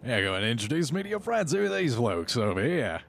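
A man voicing a friendly, chatty male deep gnome miner with an Australian accent. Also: very animated, fairly quick, creaky, soft background music. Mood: welcoming. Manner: hearty, folksy, rambling.

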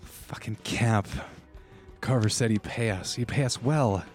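A man's voice: on the low side, unhurried, faint music behind, lightly acted. A man voicing an exhausted, frightened woman worker who has fled a desert camp and curses bitterly as she talks. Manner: curses angrily, breathless and defensive.

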